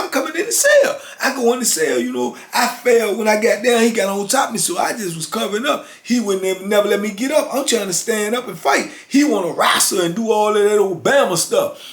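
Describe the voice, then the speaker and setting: A man in his fifties hosting his channel, telling a story casually and acting out both sides with street slang. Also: extremely high pitch. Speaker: channel host. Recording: roomy echo.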